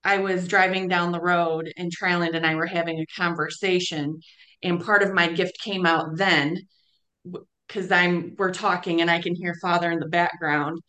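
A woman casually sharing a personal experience with a fellowship group, halting and restarting as she talks. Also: fairly low pitch, steady tone, pushed and bright, poor audio.

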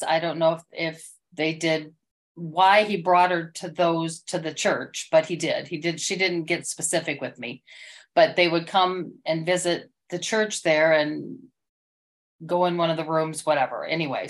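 A middle-aged woman recounts an experience in loose, rambling testimony. Her voice sits a little low, and she keeps restarting her sentences as the story gets emotional. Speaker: church member sharing an experience. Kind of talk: casual spoken testimony.

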